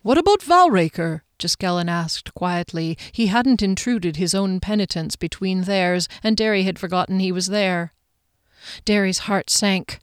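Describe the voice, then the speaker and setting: A woman's voice: on the low side, fairly even intonation, clean tone, no echo. Woman reading a fantasy story, dry and close. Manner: measured storytelling, voices each character. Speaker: audiobook narrator. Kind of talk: scripted fantasy narration. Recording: dry close studio sound.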